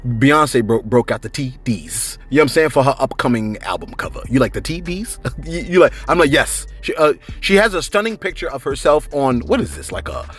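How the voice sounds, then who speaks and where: A man's voice: mid-range voice, expressive, fairly quick, a bit bright, slightly rough, soft background music. A man hosting celebrity gossip in a casual, chatty way. He rambles, reads out viewer comments and keeps asking "you know what I'm saying".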